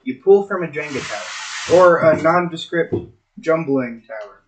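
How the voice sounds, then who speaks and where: A man acting as game master, setting an ominous scene with deliberate narration for a tabletop role-playing game. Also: on the high side, animated, a little hiss or hum, poor audio.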